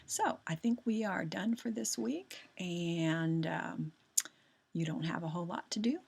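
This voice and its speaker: A woman's voice: lowish voice, a little slow, creaky, a little mellow, slightly rough. A woman teaching a recorded lesson, patient and chatty, often repeating herself and restarting sentences as she explains.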